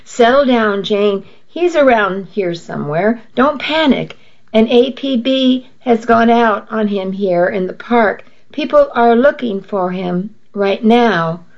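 A woman reading the lines of a calm adult man who soothes a frightened mother in steady tones, on a dull lo-fi recording. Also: on the high side, slow, vocal fry, exaggerated voice.

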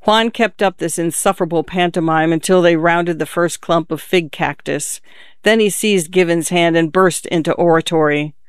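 A man reading a literary short story aloud in measured, scripted narration. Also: a little high, smooth, dry recording, clean studio sound. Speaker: audiobook narrator.

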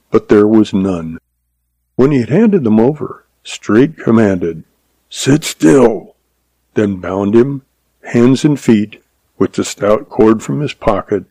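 A man in scripted narration, telling a western story at a steady pace. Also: lowish voice, dry recording, poor audio. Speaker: audiobook narrator.

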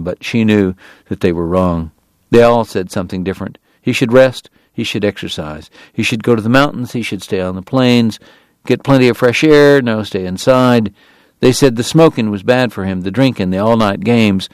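A man reading a novel aloud in measured, deliberate narration. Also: lowish voice, darkish tone, no echo. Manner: measured, deliberate, pausing on lists. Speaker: audiobook narrator.

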